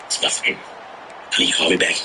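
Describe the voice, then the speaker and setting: A man telling tour stories in a casual chat, animated and slangy, swearing freely and breaking into loud outbursts. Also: fast talker, a little hiss or hum, rough recording. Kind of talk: casual storytelling.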